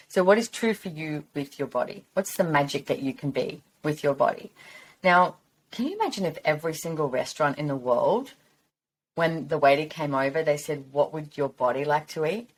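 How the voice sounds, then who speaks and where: Woman host, low voice, chatty and encouraging, casual rambling monologue. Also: fairly quick. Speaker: podcast host.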